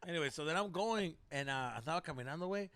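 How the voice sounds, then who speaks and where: A man telling a story on a podcast, animated, swearing often and mixing slang into his English. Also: on the high side, racing, clear, resonant tone, no echo. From Mexico. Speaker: podcast co-host. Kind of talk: casual storytelling chat.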